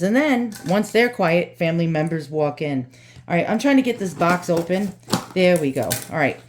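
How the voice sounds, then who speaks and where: A woman's voice: lowish voice, a little mellow, a little hiss or hum. A woman with a New York accent hosting an antique unboxing vlog at home, ranting and cursing, then turning cheerful. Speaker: antique channel host. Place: home with dogs.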